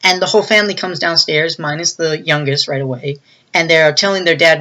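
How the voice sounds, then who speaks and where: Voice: medium pitch, brisk, bright, forceful tone. A movie reviewer casually recapping a film's plot in a loose, rambling way, often acting out the characters' lines in a raised voice. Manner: retells scenes, acting out quoted lines in a raised voice; loose and rambling, with many fillers.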